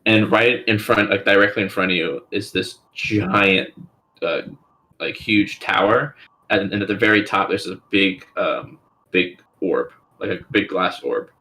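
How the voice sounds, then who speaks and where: Halting man running a game. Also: fairly low pitch, sharp tone. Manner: halting, full of ums and likes. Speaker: dungeon master. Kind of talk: narrating a tabletop game.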